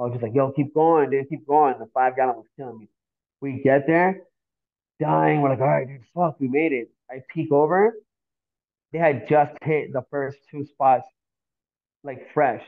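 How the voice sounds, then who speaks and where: Miami dude telling a wild story on a podcast, swears a lot, slangy, sounds tinny like a phone. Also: male voice, mid-range voice. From Miami, Florida. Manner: animated, profane, slangy storytelling. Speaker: podcast guest, graffiti artist. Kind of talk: casual storytelling.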